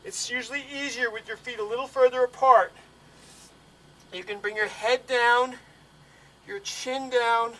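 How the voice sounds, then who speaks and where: A man guiding a stretching routine step by step, calm and instructive, a little out of breath. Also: very high voice, far from the mic, low-quality recording. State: slightly out of breath. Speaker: bodywork instructor.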